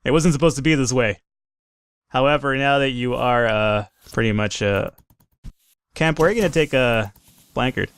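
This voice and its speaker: A man commentating his own gameplay in a let's play, excitable, swearing and laughing at his own mistakes. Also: mid-range voice, normal speed, pauses often, smooth, no room sound. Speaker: gaming commentator.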